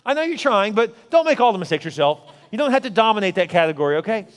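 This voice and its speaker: A man preaching a sermon as pastor, swinging from loud urging to low, intimate asides. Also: sing-song, fast, big-room sound.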